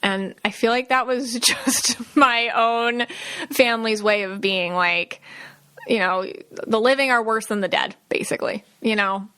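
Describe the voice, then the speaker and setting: On her solo podcast, a psychic medium talks casually and at great length in a high, bright, forceful voice that stays fairly even and unhurried, with clean audio. She fills her speech with fillers and false starts and performs the voices of those she quotes.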